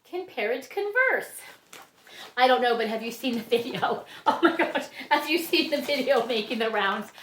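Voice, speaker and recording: A woman's voice: fairly high pitch, lively intonation, moderate pace, fairly bright tone, slight background noise. Gushing woman with a roomy echo. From Ohio. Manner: gushing, laughs often, exclaims and gasps. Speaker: orchid grower and vlogger. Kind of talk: casual unboxing chat.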